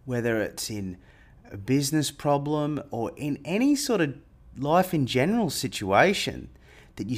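A man telling a personal story in a casual monologue, animated and getting louder when he re-enacts a tense moment. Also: medium pitch. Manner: animated retelling, rising loud when quoting panic. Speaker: airline pilot and marketer.

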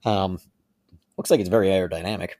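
A man's voice: sits low, fast talker, dry recording, clean studio sound. A man co-hosting a podcast, animatedly retelling a story in casual chat. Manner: animated retelling with frequent laughs. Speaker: podcast co-host.

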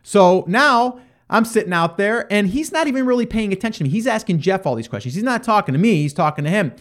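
A male podcast host telling a story in a casual, animated way, acting out the back-and-forth of conversations with lots of fillers and restarts. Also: sits high, fast. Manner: animated, acts out quoted exchanges.

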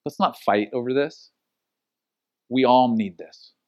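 A middle-aged man preaching a sermon as pastor, telling stories and acting out the quotes with lively energy. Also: medium pitch, slow, lo-fi sound. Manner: animated storytelling with acted-out quotes.

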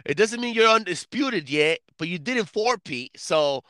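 A man's voice: sits high, unhurried, dry recording, clean studio sound. A man co-hosting a podcast in casual banter, mocking and laughing, with lots of swearing. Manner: lively, mocking, laughing, profane. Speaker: podcast co-host.

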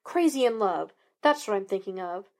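A woman's voice: medium pitch, animated, normal speed, lightly acted. Woman doing a flippant joking male detective.

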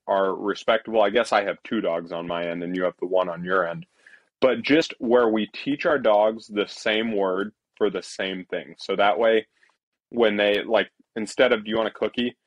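A man's voice: lowish voice, normal speed, no echo, muffled recording. A man co-hosting a podcast in casual, jokey, rambling chat. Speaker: podcast co-host.

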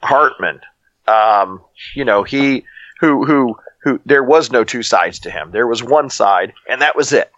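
A man hosting a casual movie review podcast, talking in a reflective, halting way as he searches for words and hands the floor to the panel. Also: mid-range voice, lively intonation, fairly bright tone, no echo, lo-fi sound. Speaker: podcast host leading the panel.

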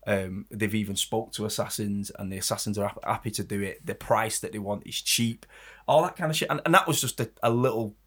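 A man chatting loosely, his voice low and husky. He rambles a little between points. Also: a little fast, a bit bright. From England. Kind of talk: casual chat.

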